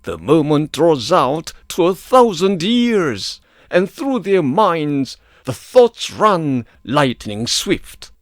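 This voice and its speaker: A male narrator reads an epic poem at an unhurried pace. His pitch rises and falls widely with the drama of the verse. The recording is dry, with no room sound. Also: no echo. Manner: slow, expressive poetic reading.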